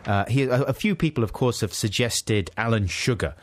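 A man's voice: mid-range voice, expressive, moderate pace, no room sound. A man hosting a radio show, chatting casually and playfully, reading out listener messages with mock seriousness. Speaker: radio host. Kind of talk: casual comedy chat.

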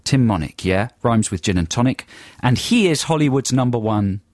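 A man co-hosts a radio show in a loose, playful banter. His voice sits at an ordinary middle pitch and comes across dry and close, with no room sound around it. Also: lively intonation, normal speed, a little mellow, dry recording. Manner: playful, chatty, jokey asides. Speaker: radio co-host.

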